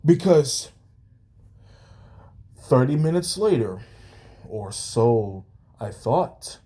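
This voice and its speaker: A young man venting angrily on a vlog, yelling and swearing about his job. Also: mid-range voice, sing-song, very slow. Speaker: vlogger. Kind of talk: angry rant vlog.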